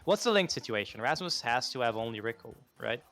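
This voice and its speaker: A man's voice: mid-range voice, very animated, a little fast, fairly bright tone, faint music behind. A man co-commentating a live esports match in a jokey way, laughing often between his remarks.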